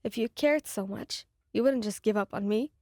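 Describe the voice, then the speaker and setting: A woman's voice: mid-range voice, moderate pace, dark tone, no room sound, studio quality, close to an everyday voice. A woman voicing a heartbroken young listener whose words tremble with hurt in an ASMR audio story.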